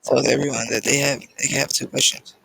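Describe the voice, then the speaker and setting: Casual reader: a man, very gravelly, husky, reads a fan story haltingly. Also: mid-range voice, flat delivery, pushed and bright, no room sound, poor audio. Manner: halting, with fillers and restarts. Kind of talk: casual fan-fiction reading.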